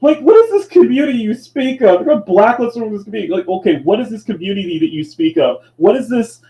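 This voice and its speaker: Excitable man with a high, lively voice. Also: fast, rough recording. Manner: excitable, laughs often, repeats himself when fired up. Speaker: co-host. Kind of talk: casual chat.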